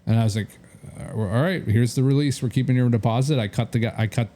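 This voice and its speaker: A man's voice: medium pitch, quick pace, mellow. A man co-hosting a casual podcast, telling a rambling deal story full of quoted back-and-forth dialogue and fillers. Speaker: real estate agent and podcast co-host.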